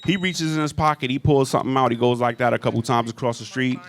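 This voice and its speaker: A man's voice: mid-range voice, fast. A man doing a stand-up comedy set in a club, telling a profane story with lots of crowd work.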